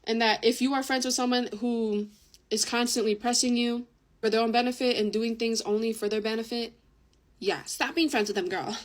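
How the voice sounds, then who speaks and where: A woman's voice: fairly high pitch, steady tone, normal speed. A young woman tells a long storytime while getting ready, talking close to her phone at home. She drops swear words and fillers throughout, and her voice sits a little above the usual range. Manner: chatty, swears a lot, many fillers. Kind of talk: casual storytime while doing makeup.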